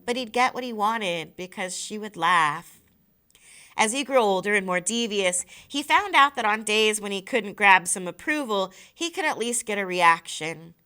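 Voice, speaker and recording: A teacher reads a novel aloud with a bright, sharp tone. Her voice is crisp and smooth, and she drags out important phrases for weight. The delivery is expressive but unhurried. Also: medium pitch. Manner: slows down on key phrases. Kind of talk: expressive read-aloud narration.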